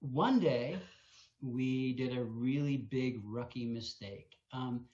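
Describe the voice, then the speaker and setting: A man at mid pitch recounts a story in a Q&A, animated and acting out the noises as he goes. His voice carries an echoey ring and a slightly muffled, dull tone. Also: takes it slowly. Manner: animated storyteller, acts out sounds. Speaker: wolf sanctuary co-founder. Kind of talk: storytelling in a live Q&A.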